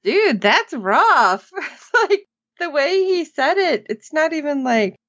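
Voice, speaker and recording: A woman co-hosting a casual TV recap, animated, acting out characters' lines in funny voices. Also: sits high, slow, dry recording, dull audio. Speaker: podcast co-host.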